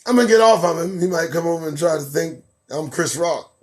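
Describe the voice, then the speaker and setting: A man hosts a live show, reading headlines and mocking them in a sarcastic running commentary. His voice sits high and leaps around wildly. He breaks into laughter between loud bursts and quiet asides. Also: brisk. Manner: animated, sarcastic, swings between loud outbursts and mutters; laughs a lot between remarks. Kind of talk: live news commentary and riffing.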